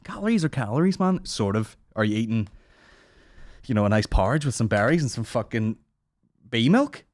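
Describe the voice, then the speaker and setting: A man's voice: mid-range voice, lively intonation, normal speed, darkish tone, no echo. A man in his thirties hosting a comedy podcast, rambling and sarcastic with constant swearing, into a studio microphone. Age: 30s. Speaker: podcast host. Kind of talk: casual comedy podcast rant.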